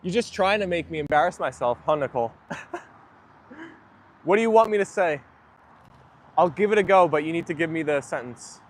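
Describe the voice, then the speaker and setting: A man's voice: fairly high pitch, lively intonation, moderate pace, long pauses. A man livestreaming from his phone on a rainy outdoor walk with his dogs, chatting to viewers in a rambling, self-deprecating way. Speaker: dog owner livestreaming to viewers. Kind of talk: casual live chat.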